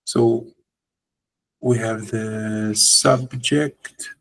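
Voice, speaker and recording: A man's voice: on the low side, fairly even intonation, drawn-out words, a bit bright, rough recording. A man teaching a language lesson, explaining patiently and drawing out example words.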